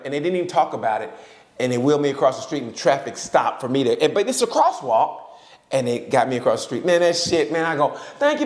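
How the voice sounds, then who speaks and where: Animated, profane man in an echoey room. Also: fairly high pitch. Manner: profane, laughing, animated storyteller. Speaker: podcast co-host. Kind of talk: casual storytelling chat. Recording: roomy echo.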